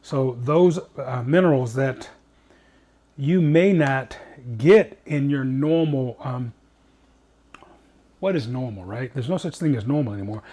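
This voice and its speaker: A man's voice: medium pitch, unhurried, long pauses, dark tone. A man hosting a cooking show, chatting in an upbeat way with rambling asides as he cooks. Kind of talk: casual cooking demonstration.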